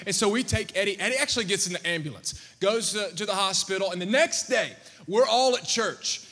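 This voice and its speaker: A man preaching to his congregation, telling a story with animated energy and calling questions out to the crowd. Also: high-pitched, brisk. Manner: animated, calls out questions to the audience. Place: church sanctuary. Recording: long church-hall reverb.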